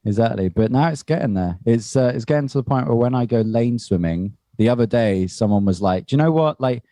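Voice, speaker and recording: A man co-hosting a podcast, telling stories in relaxed casual chat and laughing often. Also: mid-range voice, a little fast, dry recording. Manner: chatty storyteller, laughs often. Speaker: podcast co-host.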